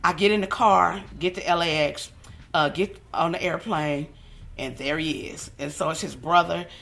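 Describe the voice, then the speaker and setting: A woman who works as a hairstylist, telling an animated story in an interview and acting out the voices of the people in it. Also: on the low side, normal speed, creaky. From Southern California. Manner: animated storyteller, acts out quoted voices, laughs often.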